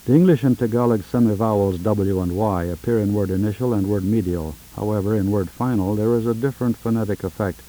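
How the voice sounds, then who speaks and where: A man with a low, very dark and mellow voice reads out a formal phonetics lesson in a measured, precise manner. He prompts an informant word by word, and it sounds like an old 1970s tape recording. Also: rough recording. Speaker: linguist recording a language informant. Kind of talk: formal scripted phonetics demonstration.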